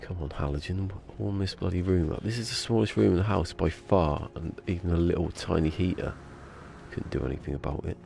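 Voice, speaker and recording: A man with a low, gravelly voice talks his way through a game live, full of rambling, jokey self-talk. He is sniffly with a cold and sits in a small room at home, with a faint hiss behind him. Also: brisk, warm tone. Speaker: game streamer. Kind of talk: casual live-stream chatter.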